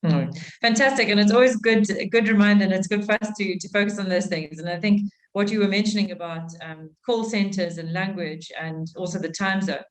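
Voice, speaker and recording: A woman's voice: mid-range voice, brisk, hardly any pauses, low-quality recording. A woman from South Africa moderating a webinar over a video call, reading out audience questions.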